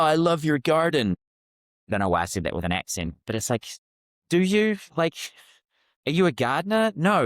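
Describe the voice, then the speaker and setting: Guest spot: middle-aged New man, low voice, dry close sound, lively storyteller who restarts phrases. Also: no room sound. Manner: animated, restarts phrases mid-thought. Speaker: podcast guest, communication coach. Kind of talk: casual interview storytelling.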